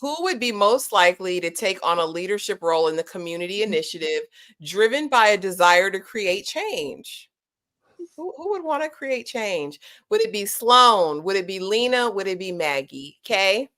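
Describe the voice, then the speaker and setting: A woman hosting a casual TV review chat with friends, animated and teasing. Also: medium pitch, normal speed. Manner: animated, teasing, laughs often. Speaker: host of a TV review show.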